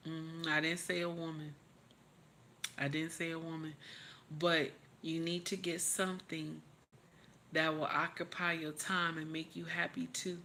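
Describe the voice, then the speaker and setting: A woman's voice: low voice, little pitch movement, measured pace, bright, forceful tone, slight background noise. A woman hosting a livestream, tearful, giving emotional motivational talk and repeating her encouragements over and over in a preachy way. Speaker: livestream host.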